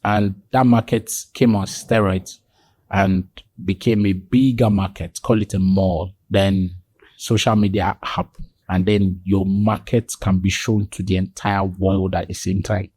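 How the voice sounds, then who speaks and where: A man speaks a little slowly in a darkish voice, with no room sound. Guesting on a podcast, he tells animated stories in conversation and voices the people in them, his pitch jumping suddenly high on quoted dialogue.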